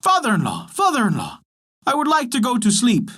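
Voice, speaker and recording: A man's voice: very high voice, wildly swooping pitch, a little fast, a bit bright, voice pushed up, heavily acted. Man voicing a whiny demanding frog. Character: demanding ugly male frog, croaking.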